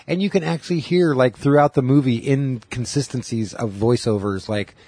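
A man's voice: mid-range voice, moderate pace, dark tone, husky, no echo. A middle-aged man co-hosting a podcast, rambling through casual stories and swearing freely. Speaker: podcast co-host. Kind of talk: casual chat.

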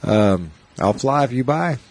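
A man's voice: mid-range voice, expressive, a little slow, creaky. A man putting on an odd, rambling man of about fifty who rides up on a bike and talks too much. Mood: overfriendly.

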